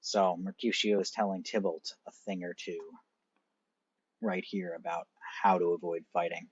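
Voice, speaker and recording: A man's voice: sits low, steady tone, moderate pace, breathy edge, no echo, highs cut off. A male teacher walking students through an assignment on screen, explaining each step conversationally and addressing them directly. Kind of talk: screen-recorded assignment walkthrough.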